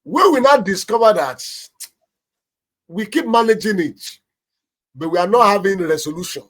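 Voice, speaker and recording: High-voiced Nigerian pastor giving emphatic advice. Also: male voice, animated, moderate pace, a bit bright. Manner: emphatic, preacherly, acts out little anecdotes. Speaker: pastor and marriage counselor. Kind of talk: marriage advice on a talk show.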